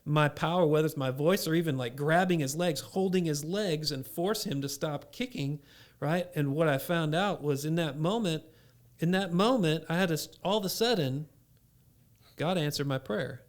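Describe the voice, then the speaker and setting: A man on a podcast, a father telling an animated story about faith and his young son in a casual chat. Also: fairly high pitch, normal speed. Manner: animated storyteller acting out scenes. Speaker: podcast co-host.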